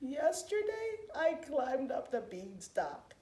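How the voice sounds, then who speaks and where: A woman's voice: high-pitched, very animated, takes it slowly, a little mellow, voice pushed up, full character voice. Woman doing a cheeky little boy. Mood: eager. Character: cheeky young boy, eager. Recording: roomy echoey room.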